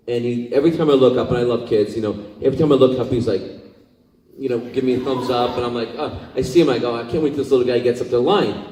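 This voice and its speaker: A man from Scotland shares rambling, heartfelt convention stories, his voice dark and mellow. He is picked up from a distance in a big reverberant hall. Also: medium pitch. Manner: rambling, emotional, many fillers. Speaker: convention guest actor. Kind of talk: convention panel storytelling. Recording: echoey hall, distant mic.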